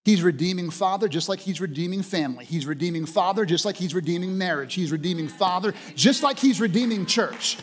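A man preaching with passionate emphasis, his voice sitting a little high for a man. He hammers points home with repeated phrases. A long reverb from the church hall trails each line. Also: fairly quick, hardly any pauses, husky, soft background music. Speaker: pastor. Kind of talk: sermon.

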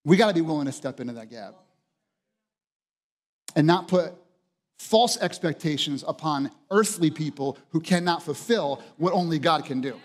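A man's voice: on the high side, lively intonation, moderate pace, big-room sound. A man preaching a sermon as pastor, passionate and emphatic, driving points home with repeated phrases.

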